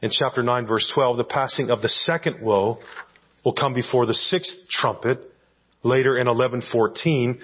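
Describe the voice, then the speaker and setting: A man's voice: mid-range voice, steady tone, normal speed, highs cut off. A man preaching an expository sermon as pastor, teaching verse by verse and checking in with his listeners with rhetorical questions.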